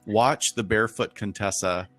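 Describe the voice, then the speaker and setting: A man co-hosting a podcast livestream in casual chat, talking with quick asides and frequent laughs. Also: on the low side, a bit bright, soft background music. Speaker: podcast co-host.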